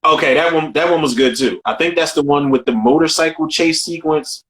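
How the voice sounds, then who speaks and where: A man co-hosting a casual film podcast, talking in an animated, profane way and repeating himself as he riffs. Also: on the high side, a little fast. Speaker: podcast co-host.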